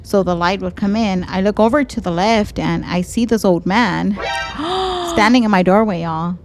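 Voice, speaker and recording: A young woman with a Texan accent, co-hosting a podcast and telling a story in casual chat, animated, swearing freely and slipping into Spanish phrases. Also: medium pitch, normal speed, music in the background. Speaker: podcast co-host.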